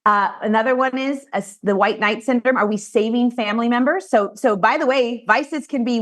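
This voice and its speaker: A woman and financial advisor teaching colleagues how she runs client meetings, talking directly and acting out what she says to clients. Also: a little high. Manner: animated, direct, acts out client conversations. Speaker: financial advisor training peers. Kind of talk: training talk to colleagues.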